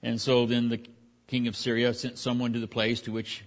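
A man's voice: mid-range voice, monotone, moderate pace. A man teaching from the Bible in a casual, folksy way, with many restarts and fillers, speaking in a church. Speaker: pastor.

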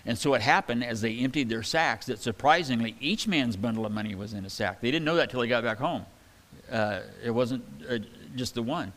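A man preaching a sermon in a relaxed, conversational way, reading scripture aloud and adding casual asides. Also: mid-range voice, a little fast. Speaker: pastor. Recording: hall reverb.

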